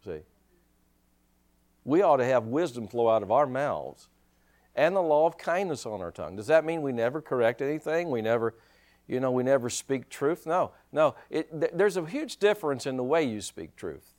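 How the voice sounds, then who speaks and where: A male pastor preaching a sermon in an animated way, full of rhetorical questions and chuckling asides. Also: mid-range voice, normal speed.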